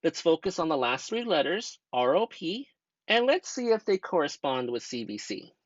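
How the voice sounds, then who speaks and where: Teaching grammar step by step, a young American student teacher speaks with very animated, bouncing pitch at a moderate pace, patiently asking rhetorical questions to keep the class with him. The voice-over is dry and slightly dull, like a cheap home recording, with no room sound.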